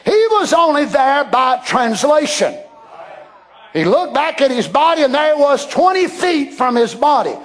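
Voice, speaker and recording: A man preaching a sermon with passion, dropping to a hush and then rising to shouts. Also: extremely high pitch, big pitch swings, measured pace. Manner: impassioned, swinging between hushed and shouted.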